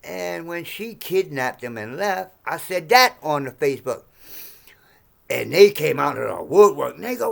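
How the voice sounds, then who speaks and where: A man in his sixties ranting to camera in a profane, heated monologue, swinging between low mutters and sudden shouts. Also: very animated, normal speed, creaky. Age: 60s. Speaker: vlogger.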